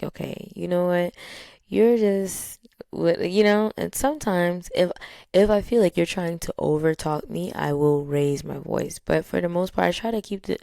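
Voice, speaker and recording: A woman hosting a podcast in a casual, reflective way. She talks in a low, even tone that stays calm and steady, with many "um"s and "like"s. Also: gravelly, no room sound, clean studio sound. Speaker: podcast host.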